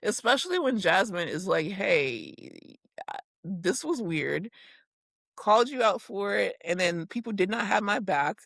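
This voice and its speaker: A woman co-hosting a podcast in casual chat, animated and laughing, swearing freely and acting out quotes. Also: medium pitch, unhurried, vocal fry, no room sound, studio quality. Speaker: podcast co-host. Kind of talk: casual chat recapping reality TV.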